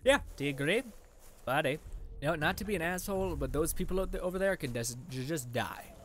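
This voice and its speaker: Excitable swearing young gamer man. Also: fairly high pitch, brisk, a little hiss or hum. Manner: excitable, swears a lot, yells at enemies. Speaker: let's play gamer. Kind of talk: casual gameplay commentary.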